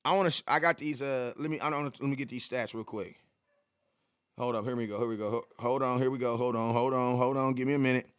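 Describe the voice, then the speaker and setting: A man in his forties hosting a casual live sports talk stream, animated and repetitive, full of slang, talking straight to his chat. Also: medium pitch, fast, clear, resonant tone, no echo, clean studio sound. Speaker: live show host.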